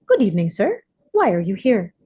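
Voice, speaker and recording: A woman's voice: mid-range voice, huge pitch swings, a little fast, mellow, slightly rough, no room sound, highs cut off. A woman voicing a male demon greeting arrivals at hell's gate in a courteous, clipped, bureaucratic manner.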